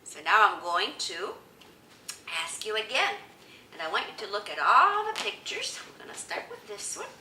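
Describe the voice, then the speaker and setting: A woman teaching children, speaking slowly with exaggerated sing-song prompts for them to repeat. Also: medium pitch, sing-song, pushed and bright, recorded from a distance, slight background noise. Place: indoor room, teaching with picture cards. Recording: echoey room, voice from afar.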